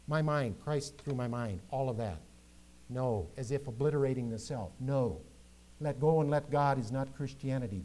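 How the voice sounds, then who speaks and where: Man preaching, slightly high voice. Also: a little mellow. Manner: preaching with rising, emphatic quoted scripture. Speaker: pastor. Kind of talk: sermon.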